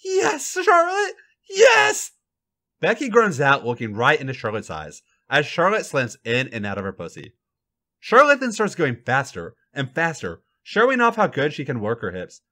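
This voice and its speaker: A man hosting a podcast, reading a fan fiction story aloud with an animated, dramatic delivery. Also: medium pitch, normal speed.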